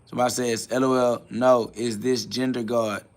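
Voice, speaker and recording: A man's voice: medium pitch, little pitch movement, normal speed. A man hosting a live stream, answering chat questions in a preachy, blunt way, with casual slang and quoted Bible verses. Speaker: livestream host.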